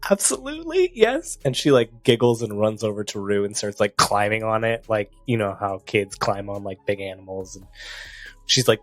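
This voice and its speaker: A man's voice: fairly low pitch, flat delivery, normal speed, no echo. A man narrating a tabletop game as game master, loose and full of fillers.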